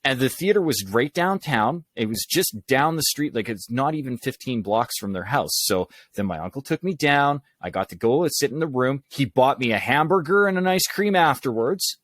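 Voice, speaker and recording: Man, podcast guest, public speaking coach, animated storytelling, average pitch, dry close sound. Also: no room sound. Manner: animated anecdotes with quick asides. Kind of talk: conversational storytelling.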